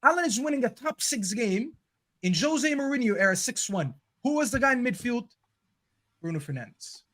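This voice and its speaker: A man's voice: very high-pitched, very animated, normal speed, a bit bright. A man whose first language is Arabic, ranting emphatically and swearing freely in a heated football debate on a podcast panel.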